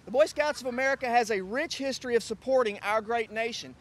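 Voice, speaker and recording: A middle-aged man from Texas with a high-pitched voice gives a hurried speech at an outdoor press conference. He often restarts his sentences as he presses on. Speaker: scout crew advisor.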